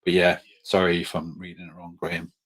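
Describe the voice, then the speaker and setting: A man's voice: sits low, completely flat delivery, fairly quick, fairly bright tone. A man hosting a casual live question-and-answer chat, friendly and hesitant, with frequent ums and apologies. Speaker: livestream host.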